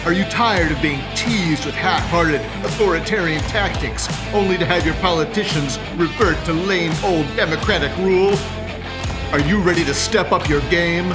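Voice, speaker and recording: Casting: a man as a pushy ad announcer, fairly high voice, over guitar music. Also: normal speed, close to an everyday voice. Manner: punchy sales pitch. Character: male political ad announcer, mocking and pushy.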